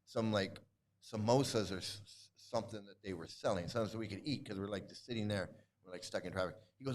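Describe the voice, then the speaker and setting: A man's voice: lowish voice, fast talker, slight background noise. A middle-aged man telling a rambling story casually to his livestream chat, laughing often and restarting sentences. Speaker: host.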